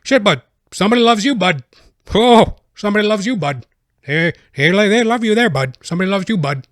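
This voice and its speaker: A man putting on a rowdy, hard-drinking Newfoundland workman with a Newfoundland accent, loud and high-pitched, repeating himself. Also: expressive, fairly quick, no echo, studio quality. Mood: amazed.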